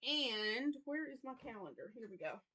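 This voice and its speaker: A woman with a light Southern US accent and a bright, fairly high voice rambles through a casual update about her week. She is tired and yawning, filling pauses with ums and apologies as she thinks aloud. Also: big pitch swings. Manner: rambling, chatty, with many fillers and apologies. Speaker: crochet channel host. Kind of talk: casual weekly update vlog.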